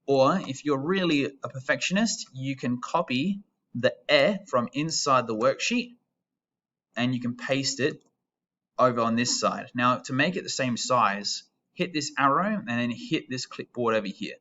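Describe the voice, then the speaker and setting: A man's voice: mid-range voice, lively intonation, unhurried, sharp tone, dull audio. A young Australian man in his twenties, a teacher who explains an Italian lesson step by step in a patient, chatty way. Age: 20s. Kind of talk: recorded classroom lesson.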